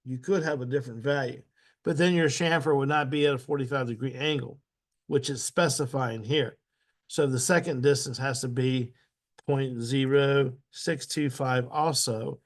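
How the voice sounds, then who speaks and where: An instructor walks through a software tutorial step by step, patiently repeating each step aloud and clearing his throat again and again. His voice is medium-pitched and unhurried.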